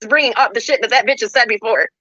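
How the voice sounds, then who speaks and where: A woman's voice: a little high, fast, sharp tone, no echo. A woman livestreamer ranting with heavy profanity, upset and close to tears. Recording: dull lo-fi livestream audio.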